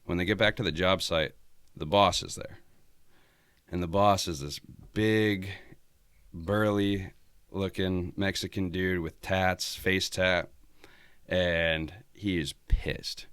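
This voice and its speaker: A man's voice: sits low, fairly even intonation, slow, fairly bright tone, smooth, no room sound, studio quality. A man guesting on a podcast, telling road-trip stories in a laid-back way, swearing a lot and laughing often. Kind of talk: casual storytelling chat.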